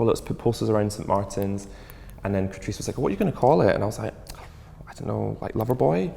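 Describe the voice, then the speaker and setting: A man's voice: lowish voice, gravelly, darkish tone, long reverb tail. A man in his thirties, a fashion designer, answering interview questions in a chatty, loose way full of fillers. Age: 30s. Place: interview studio.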